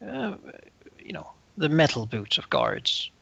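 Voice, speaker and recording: A man's voice: fairly high pitch, wildly swooping pitch, slow, gravelly, bright, forceful tone, no room sound, highs cut off. A man narrating as game master of a tabletop role-play, hesitant and full of fillers.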